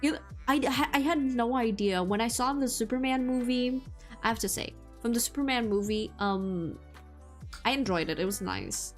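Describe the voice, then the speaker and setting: A woman's voice: a little high, moderate pace, soft background music. A woman streamer chatting casually with her viewers. She laughs often and leans heavily on "like". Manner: giggly, chatty, heavy use of "like". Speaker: VTuber streamer.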